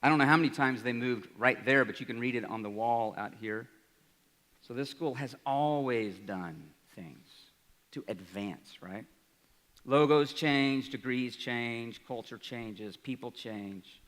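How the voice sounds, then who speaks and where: A man in his forties giving an energetic speech to an audience, often asking "right?". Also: mid-range voice, unhurried. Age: 40s. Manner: energetic, rhetorical, asks the crowd "right?". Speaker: college president. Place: large hall. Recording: reverberant hall, live speech.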